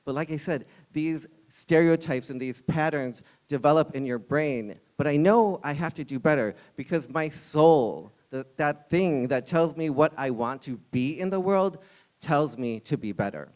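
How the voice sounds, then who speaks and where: A man in his forties tells a personal story live, with a candid and wry comic touch. His voice sits a bit on the higher side, and his punchlines land with dry timing. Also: expressive, a little slow, darkish tone. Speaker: storyteller and restaurant server.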